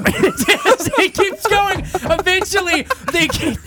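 A man's voice: very high-pitched, unhurried, heavy background noise. A young man telling a story on a podcast, swearing a lot and laughing between lines. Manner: laughing, profane, animated storytelling. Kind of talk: casual storytelling chat.

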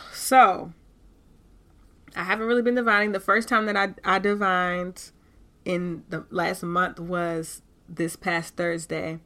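Woman, podcast host, casual candid talk, bright voice, animated. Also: fairly low pitch, slow pace. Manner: animated and candid, with frequent cursing.

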